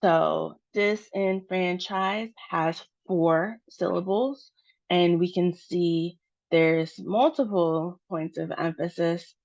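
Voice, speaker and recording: A woman with an American accent teaching English pronunciation, patient and careful, spelling out example words slowly. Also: fairly low pitch, fairly even intonation, vocal fry, a little mellow, dull audio. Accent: General American.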